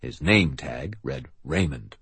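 A man narrating a novel in the first person with a dry, wry, deadpan delivery. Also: extremely low pitch, slow, husky, no echo. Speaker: audiobook narrator.

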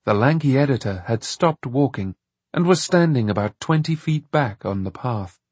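A man narrating an audiobook with lively, expressive storytelling. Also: mid-range voice, moderate pace, breathy edge, no echo. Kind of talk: scripted narration.

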